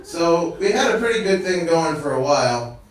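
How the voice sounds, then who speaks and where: A man's voice: fairly high pitch, big pitch swings, moderate pace. A man telling a comic personal story on stage, chatty and laughing at his own jokes. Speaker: stand-up comedian. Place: live venue with audience. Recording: echoey room, distant mic, crowd laughter.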